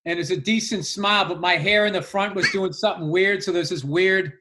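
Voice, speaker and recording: A middle-aged comedian chats loosely on a podcast, circling back on himself with fillers and self-mockery. His voice sits high for a man and has a bright, forward tone. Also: steady tone, brisk. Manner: rambling, self-deprecating, full of restarts and fillers. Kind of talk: casual chat.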